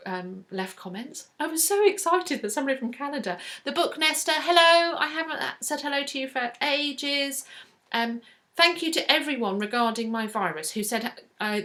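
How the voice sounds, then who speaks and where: Chatty bright-voiced Englishwoman in her forties. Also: fairly high pitch. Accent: Southern English with a slight northern inflection. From South East England. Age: 40s. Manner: chatty and effusive, with fillers and restarts. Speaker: book vlogger. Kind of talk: casual chat to camera.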